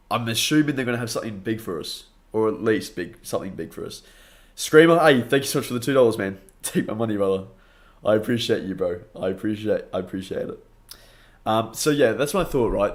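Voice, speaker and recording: A young Australian man chatting upbeat on a late-night live stream, greeting viewers by name and laughing often, a bit tired. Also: fairly low pitch. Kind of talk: casual live stream chat.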